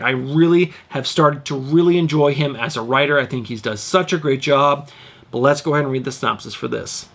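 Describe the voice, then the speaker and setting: A man in his forties, host of a comic book channel, chatting eagerly to viewers from a warm room at home. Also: a little high. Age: 40s. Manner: enthusiastic and chatty, addressing viewers directly. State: sweating from the heat. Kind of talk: casual video chat. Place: home room with windows open.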